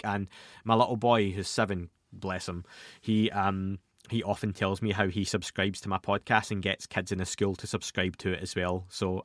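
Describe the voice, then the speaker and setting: A man in his thirties talks casually into a podcast mic. His voice sits fairly low and he rambles along with chatty asides, and the recording is close and dry with no room sound. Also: a bit bright, dry recording. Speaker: podcast host answering listener questions.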